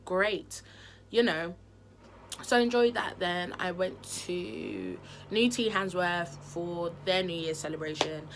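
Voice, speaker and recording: A woman's voice: lowish voice, takes it slowly, background noise. Chatty woman vlogging candidly. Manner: chatty, expressive, frank. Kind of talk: candid casual chat to camera.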